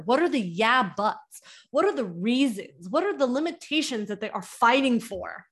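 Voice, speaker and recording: A young adult woman hosting a podcast, coaching business owners in an energetic way and firing off rhetorical questions. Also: a little high, normal speed, husky. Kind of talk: teaching podcast talk.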